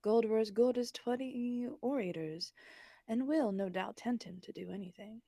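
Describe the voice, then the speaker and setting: Dutiful page, mellow, dry close sound, woman reading. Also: on the high side, moderate pace, creaky, no echo. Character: servant page boy answering his king. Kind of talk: reading a play aloud.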